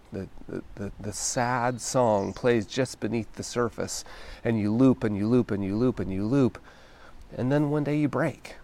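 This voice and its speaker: A man hosting a solo podcast, speaking in a gentle, reflective, encouraging way and often checking in with "right?". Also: medium pitch, vocal fry. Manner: conversational, often ends thoughts with "right?". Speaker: podcast host.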